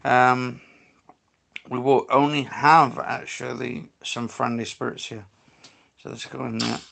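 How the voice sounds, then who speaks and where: A man talks through a livestream at an unhurried, drawn-out pace, his voice carrying a gravelly rasp. His tone is bright and forceful, and he speaks in a casual, halting manner, spelling out letters one by one. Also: mid-range voice, flat delivery. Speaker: paranormal livestream host.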